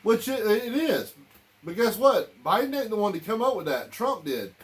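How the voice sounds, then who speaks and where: A man's voice: high voice, sing-song, moderate pace. Angry man ranting to camera. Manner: heated, repetitive, blunt and profane. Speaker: vlogger. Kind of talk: political rant to camera.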